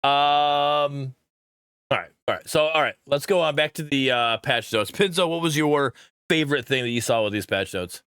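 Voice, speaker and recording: A man's voice: medium pitch, moderate pace, fairly bright tone, clear, resonant tone, no room sound, clean studio sound. A man hosting a casual gaming podcast, talking with lots of fillers and restarts. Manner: hesitant, filler-heavy. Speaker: podcast host.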